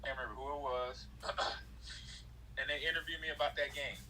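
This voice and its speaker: A man's voice: mid-range voice, brisk, slight background noise, rough recording. A man, a former college running back, telling stories in a casual interview and acting out his own quotes with lots of energy. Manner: animated storyteller, acts out his own quotes.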